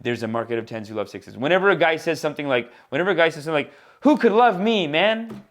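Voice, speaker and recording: A man hosting his own podcast as a comedian, rambling in a casual, animated monologue aimed straight at his listeners. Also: mid-range voice, very fast.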